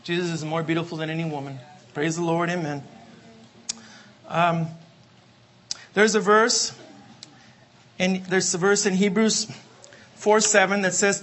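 Bright high-voiced preacher man. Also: level tone, a little slow, pauses often. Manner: emphatic, repeats refrains, asks the congregation for amens. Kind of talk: sermon.

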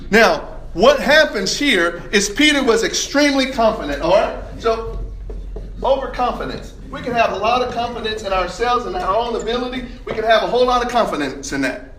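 A man preaching a sermon, his voice pitched high and bright. He presses key points with rising emphasis and pauses. The sound rings around an echoey church room. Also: expressive.

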